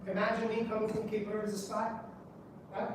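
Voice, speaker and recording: A man's voice: sits high, flat delivery, brisk. Man lecturing in an echoey hall. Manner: engaging, quizzes the audience with rhetorical questions. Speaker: conference presenter. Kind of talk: lecture to a live audience. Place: public library meeting room. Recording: echoey room, voice from a distance, background noise.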